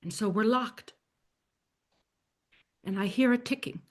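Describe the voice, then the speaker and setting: A woman telling a dramatic story in the first person, speaking in a hushed voice that often sinks to a soft near-whisper. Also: medium pitch, a little slow.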